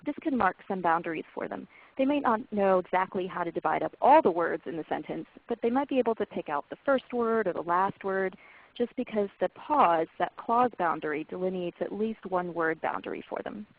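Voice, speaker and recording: Lady giving a parenting webinar talk, lowish voice, sounds like it's coming through a phone line. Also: lively intonation, fairly quick. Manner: clear, explanatory and encouraging, addressing parents directly. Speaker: webinar presenter. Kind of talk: scripted lecture on language development. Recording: phone-like narrow band webinar audio.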